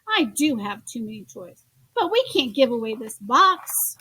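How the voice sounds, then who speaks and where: A woman's voice: a little high, very animated, measured pace, bright, forceful tone, breathy edge, full character voice, low-quality recording. A woman voicing a stubborn little boy who haggles over his toys, with a dramatic, pleading manner. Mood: cheeky. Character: small boy, stubborn toy-hoarding bargainer.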